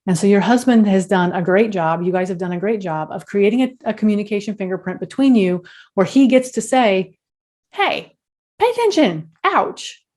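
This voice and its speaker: A woman's voice: mid-range voice, fast, warm tone. A woman who coaches others on communication, a guest in an interview who makes her points in firm, emphatic statements. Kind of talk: interview guest, advice-giving.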